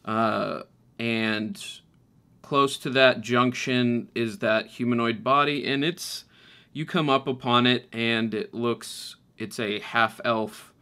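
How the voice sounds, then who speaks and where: A man narrates a tabletop game as its game master. He speaks slowly and hesitantly, piling in fillers and restarts as he works out each scene. His voice is bright and forward. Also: medium pitch, fairly even intonation, smooth.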